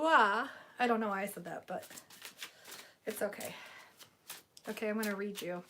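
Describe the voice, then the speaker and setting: A woman's voice: mid-range voice, moderate pace, long pauses, pushed and bright. A woman doing a casual tarot-reading livestream from home, chatty and giggly, talking to her viewers in front of a camera on a tripod. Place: room at home.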